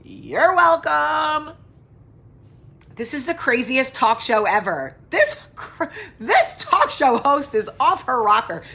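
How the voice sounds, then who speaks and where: A woman hosts her own casual talk show, chatting loosely to viewers, drifting between tangents, swearing freely and answering viewer comments as they come. Her fairly high voice swings widely in pitch and sounds pushed, bright and breathy-edged, with an unhurried pace.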